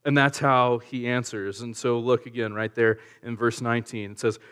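A male pastor preaching in a relaxed, conversational way, using slang and asking the audience rhetorical questions. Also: medium pitch, normal speed, clean tone. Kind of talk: conversational sermon.

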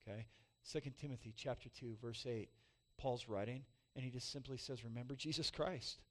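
A pastor in his forties preaches a sermon, telling a self-mocking personal story that swings between loud peaks and soft, emotional drops. His voice is mid-range and his delivery brisk.

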